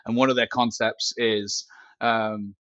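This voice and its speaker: A man's voice: lowish voice, slow pace, dry recording. Joking man on a dull, dry remote line. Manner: joking, animated storytelling with asides. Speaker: podcast guest, company CEO. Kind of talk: casual podcast chat. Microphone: headset mic built into glasses.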